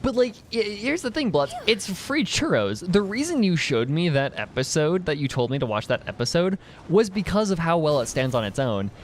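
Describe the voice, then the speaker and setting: A man's voice: a little high, sing-song, moderate pace, hardly any pauses, slight background noise. A young man streaming a game, chatting casually with his chat in a rambling way, laughing often and full of fillers and restarts. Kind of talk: casual chat while gaming, reading chat.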